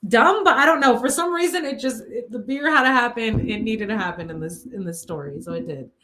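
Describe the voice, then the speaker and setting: A woman's voice: on the high side, lively intonation, fairly quick, sharp tone. A woman vlogger recounting a personal story in a casual, emotional way, with a lot of filler words. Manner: emotional, tumbling, filler-heavy retelling.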